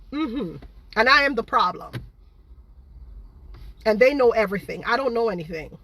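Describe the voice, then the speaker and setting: Indignant Jamaican woman, bright voice. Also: fairly high pitch, dry recording. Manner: indignant, repetitive, rhetorical questions. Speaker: baker running her own cake business. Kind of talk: ranting livestream monologue.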